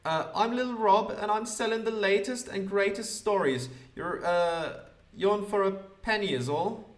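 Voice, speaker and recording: A man's voice: high voice, moderate pace, roomy sound, distant mic, pitched above the performer's own voice, close to an everyday voice. A man voicing a cheerful small boy selling newspapers in a game, with a sing-song street-hawker cry. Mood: chirpy. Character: cheerful small boy newsboy hawking papers.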